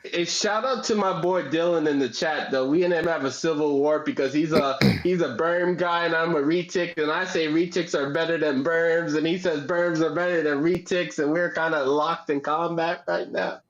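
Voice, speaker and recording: A man talks at a lively clip in a bright, high voice, full of slang and laughter. He is a guest on a casual podcast. The sound is a little dull and lo-fi. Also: moderate pace, hardly any pauses. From Wisconsin. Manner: animated, laughing, slangy storyteller. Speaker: guest breeder. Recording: dull lo-fi audio.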